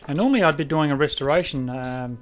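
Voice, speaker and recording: This South Australian man, with an Australian accent, talks quickly in a fairly high voice with lively intonation while live streaming a car repair game. He chats casually, rambles a little, and loses his train of thought, with faint music in the background.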